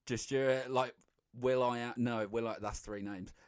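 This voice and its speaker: A young man co-hosting a casual podcast chat, jokey with quick quips. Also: medium pitch, steady tone, clean tone. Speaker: podcast co-host.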